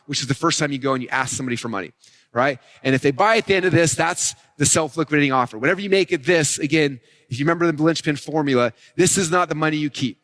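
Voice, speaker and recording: A man teaching a live marketing session, fast and energetic, often acting out customers' thoughts. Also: on the high side. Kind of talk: live event teaching talk.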